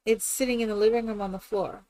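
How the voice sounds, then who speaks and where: A woman's voice: fairly high pitch, steady tone, fast talker, background noise. A woman chatting casually and rambling with many fillers while she builds in a game on a live stream.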